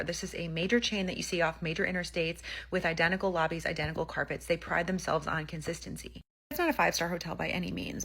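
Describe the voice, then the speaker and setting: Woman, lower voice, rapid pace, casual spooky storytelling, chatty retelling. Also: a bit bright.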